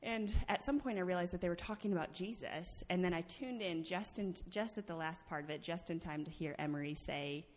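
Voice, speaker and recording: With lively intonation and hardly any pauses, a woman speaks at normal speed in a lowish voice, telling her personal testimony to a church congregation. Her style is chatty and full of laughter and fillers, and the sanctuary lends a long reverb like a large hall.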